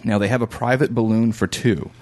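A man's voice: mid-range voice, fairly even intonation, a little fast, dark tone. A man co-hosting a casual podcast, reading out a listener's email and then plainly listing tour details and prices. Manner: reads listener mail and lists details plainly.

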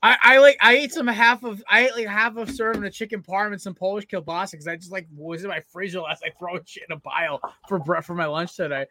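Excitable, rambling man with a bright voice. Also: high voice, quick pace, few pauses, slight background noise. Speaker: podcast co-host. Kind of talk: casual sports chat.

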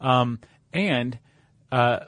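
A man co-hosting a chatty podcast, explaining in a relaxed, wry way with the odd filler. His voice sits at an ordinary pitch for a man. The sound is close and dry, with no room around it. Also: very slow, no room sound. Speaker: podcast co-host. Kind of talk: casual chat.

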